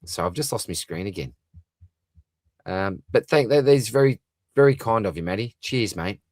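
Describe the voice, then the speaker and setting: A deep-voiced Australian man hosts a live stream from home. He reads viewers' comments aloud and answers in a loose, friendly, rambling way, calling everyone mate. The sound is dry and close to the mic. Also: animated, normal speed, no room sound. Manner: chatty, matey, calls everyone mate, lots of fillers. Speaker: fantasy football livestream host.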